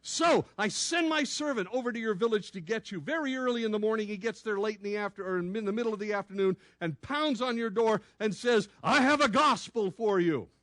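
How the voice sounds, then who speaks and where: A man preaching a sermon as pastor, teaching in a playful, animated way and putting questions to the congregation. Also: sits high, dry recording. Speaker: pastor and law enforcement chaplain. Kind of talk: sermon with call-and-response teaching. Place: church sanctuary.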